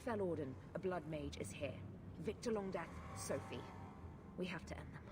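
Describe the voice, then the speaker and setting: A woman's voice: lowish voice, normal speed, close to an everyday voice. An actress playing a weary female guard lieutenant in a video game, giving blunt, urgent orders. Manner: blunt, urgent military briefing. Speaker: game character. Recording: game audio with background noise.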